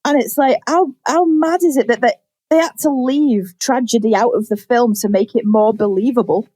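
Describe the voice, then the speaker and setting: Animated woman telling a story. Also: on the high side, no echo. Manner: animated storytelling, quick acted-out quotes, frequent swearing. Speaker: podcast co-host. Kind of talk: casual chat.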